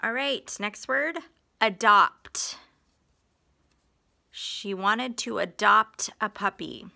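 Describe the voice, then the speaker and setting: A woman's voice: mid-range voice, very slow, gravelly, sharp tone. A woman teaching phonics in a recorded lesson, patient, stretching out example words and sentences.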